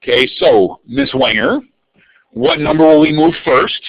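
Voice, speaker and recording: This male math teacher leads a live online algebra review and calls on students by name in an upbeat manner. His fairly high, creaky voice is very animated and moves at a measured pace. The sound is dull, lo-fi, and dry.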